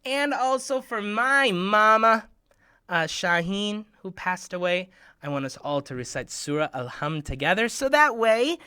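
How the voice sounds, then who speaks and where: A man hosting a children's program, talking straight to the kids in a playful way, sometimes dropping to a hushed half-whisper. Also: unhurried, clean tone, dry recording, clean studio sound. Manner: playful, bursts into excited high shouts. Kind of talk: talk to children.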